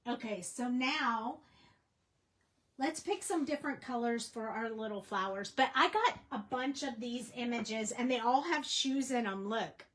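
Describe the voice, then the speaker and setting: A woman's voice: a little high, a little slow, a bit bright, low-quality recording. A woman casually teaching a coloring tutorial on a livestream, chatty and rambling with plenty of fillers. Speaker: craft instructor.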